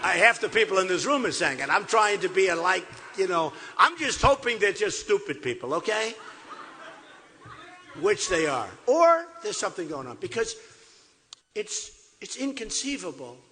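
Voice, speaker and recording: Older guy ranting at a campaign rally, bright forceful voice, big echoey hall. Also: high-pitched, very animated, normal speed, slight background noise. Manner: emphatic, repetitive, off-the-cuff. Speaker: political candidate. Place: large resort hall.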